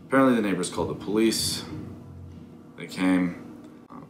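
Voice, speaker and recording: Casual profane storyteller, man in his 20s, deep voice, roomy noisy recording. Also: expressive, normal speed, over music. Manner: profane, candid, self-critical. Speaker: vlogger telling a story. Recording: echoey room with background noise.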